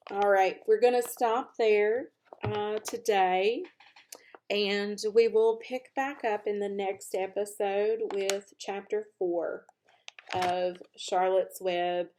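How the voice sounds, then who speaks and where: A woman reading a children's novel aloud, with expressive, animated narration as the channel's regular reader. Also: mid-range voice, takes it slowly, a little hiss or hum. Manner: expressive, animated narration, speeds up at lively moments. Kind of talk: storybook read-aloud.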